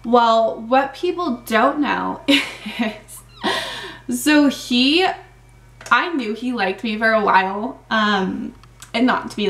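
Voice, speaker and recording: A young woman vlogger chatting casually through a Q&A, full of "like" fillers, with a slightly hoarse voice. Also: on the high side, a bit bright, distant mic. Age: young adult. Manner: chatty, many "like" fillers, laughs often. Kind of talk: casual Q&A chat. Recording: echoey room, mic set back.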